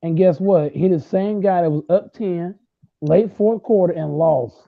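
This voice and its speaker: A young man in his late twenties argues football with loud, repeating trash talk. His voice sits high and gravelly. The sound is thin and tinny, like a phone line. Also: measured pace, dry recording. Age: late 20s. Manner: loud, repetitive, trash-talking. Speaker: host. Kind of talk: heated casual sports argument.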